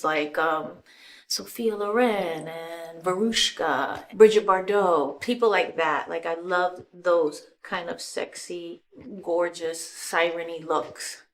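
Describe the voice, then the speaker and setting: A woman's voice: on the low side, takes it slowly, a bit bright. Middle-aged woman chatting through her makeup routine. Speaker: celebrity giving a makeup tutorial. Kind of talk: casual makeup tutorial talk.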